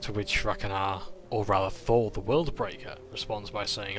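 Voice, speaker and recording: A man recaps a tabletop roleplaying session in a relaxed, casual way, often stopping on an "uh" or correcting himself. His voice sits low but has a bright, forceful edge, with faint music behind him. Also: moderate pace, hardly any pauses. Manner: casual, with frequent "uh" and self-corrections. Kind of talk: recap narration of a tabletop game.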